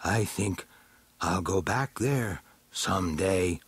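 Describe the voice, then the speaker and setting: A man doing Beastman, gruff defiant brute. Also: sits low, takes it slowly, no echo, full character voice. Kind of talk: storybook reading.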